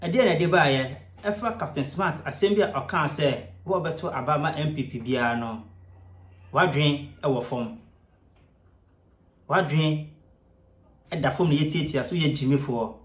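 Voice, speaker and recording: A man giving lively, scornful commentary. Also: a little high, normal speed, pauses often, reverberant.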